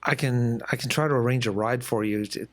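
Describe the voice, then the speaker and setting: East coast guy hosting a chill video call podcast, mid pitched, rambly and chatty. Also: fairly quick. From East Coast of the United States. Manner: relaxed, chatty storyteller. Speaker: podcast host. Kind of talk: casual interview chat.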